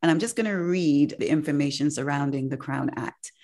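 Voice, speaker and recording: A woman's voice: sits low, brisk, darkish tone. A woman hosting a casual podcast chat, chatty and emphatic, often laughing. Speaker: podcast host.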